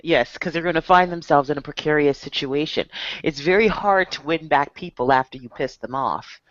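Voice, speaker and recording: A woman's voice: sits low, normal speed. A woman co-hosting a podcast in casual chat, blunt and exasperated, swearing freely. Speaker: podcast co-host. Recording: muffled dry podcast audio.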